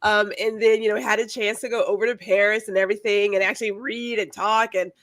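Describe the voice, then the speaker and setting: A woman who is a guest on a casual live stream, friendly and animated, with many restarts in her speech, over a video call setup. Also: medium pitch, fairly quick, no room sound. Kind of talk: casual chat.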